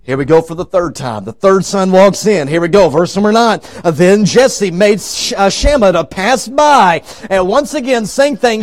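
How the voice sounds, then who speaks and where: Man, high-pitched evangelist, revival sermon, dramatic volume swings, voices the story characters. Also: lively intonation, moderate pace. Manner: swings from loud shouting to hushed low tones. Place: church sanctuary.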